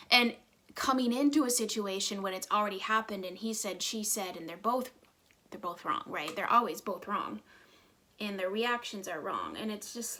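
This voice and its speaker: With a medium-pitched, fairly bright voice, this thirtysomething beauty vlogger talks casually while getting ready on camera. She rambles, occasionally whispers, and is recorded close on a phone at home.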